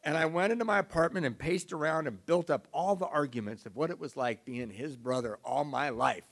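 A man's voice: on the high side, fairly quick, gravelly. A middle-aged man giving a confessional, emotional, self-mocking personal testimony as a recovery speaker.

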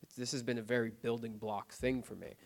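A man's voice: mid-range voice, steady tone, gravelly. Earnest man telling his recovery story. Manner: halting, full of "like" and "you know what I mean", with restarts. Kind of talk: personal testimony, casual and unscripted. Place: recovery group meeting.

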